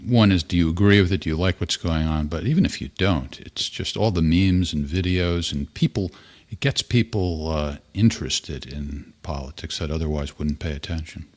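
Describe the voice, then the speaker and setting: Deep-voiced male podcast host. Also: normal speed, few pauses. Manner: rambling, conversational. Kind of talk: casual chat.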